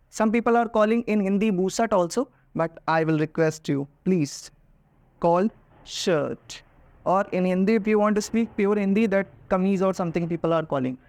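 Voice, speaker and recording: A man teaching pronunciation in a video lesson, pausing often with "uh" and speaking straight to his viewers. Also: sits high, no room sound. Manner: hesitant, many "uh" pauses, addresses viewers directly. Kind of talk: classroom-style video lesson.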